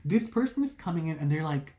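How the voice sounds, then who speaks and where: A tarot reader talking casually to viewers. They ramble excitably, fill sentences with "like" and break off into apologetic asides. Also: mid-range voice, quick pace. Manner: rambling, heavy use of "like"; excitable, talks through racing thoughts.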